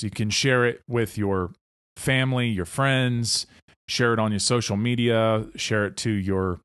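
A man's voice: lowish voice, no echo, studio quality. A man hosting a spoken presentation, explaining ideas earnestly and often checking in with listeners by asking "okay?". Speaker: host of an esoteric presentation series. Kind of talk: explanatory monologue lecture.

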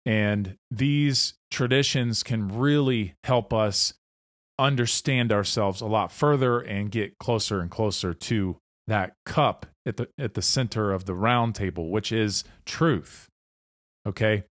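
A man with a somewhat low voice lectures at an unhurried, deliberate pace, explaining his ideas earnestly. He often pauses to check in with his listeners, asking "okay?". The sound is dry and close, with no room echo. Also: a bit bright. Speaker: host of an esoteric presentation series.

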